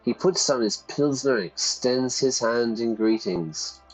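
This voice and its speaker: A man's voice: medium pitch, measured pace, soft background music, rough recording. A British or Irish man teaching English while reading game dialogue aloud and explaining phrases. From Britain or Ireland.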